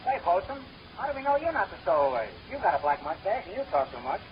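A rapid wisecracking con man. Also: high voice, lo-fi sound. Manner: rapid deadpan wisecracks and puns. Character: fast-talking wisecracking male con man. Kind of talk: 1930s radio comedy acting. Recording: scratchy, hissy 1930s radio recording.

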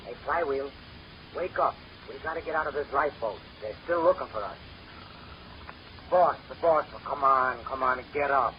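An actor playing a hungry, scheming Italian sidekick with an Italian accent and broken grammar, in 1930s radio comedy. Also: male voice, medium pitch, moderate pace, long pauses, lo-fi sound, natural voice. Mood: cheeky. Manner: broken grammar, cheeky wordplay. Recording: scratchy 1930s radio recording.

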